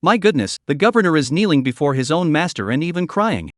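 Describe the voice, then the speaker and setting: A man's voice: a little high, very animated, fast, no room sound, studio quality. A man voicing a flustered middle-aged female housekeeper who sounds startled and fluttery.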